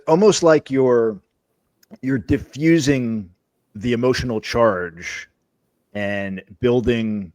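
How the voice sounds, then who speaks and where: A man hosting a podcast, talking in a halting way and repeating words as he finds his thoughts. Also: fairly low pitch, dry recording. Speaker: podcast host. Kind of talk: podcast interview.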